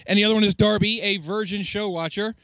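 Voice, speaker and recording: A man's voice: high-pitched, dry recording. A man co-hosting a podcast in casual chat, teasing and joking with the others. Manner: lively, teasing, quick-talking. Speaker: podcast co-host.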